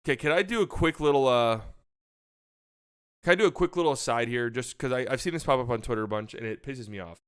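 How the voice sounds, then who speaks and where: A man's voice: mid-range voice, fast talker, clear, resonant tone, no room sound, studio quality. A young man hosting a casual basketball talk show, ranting with exasperation and repeating himself. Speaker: sports podcast host.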